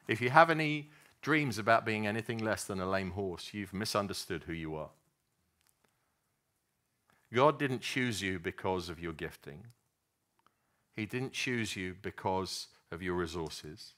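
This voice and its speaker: A man delivers a sermon in an earnest, storytelling way, often restarting his sentences. His voice sits a little low but sounds bright and forward. He talks with many fillers as he works through his points. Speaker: preacher.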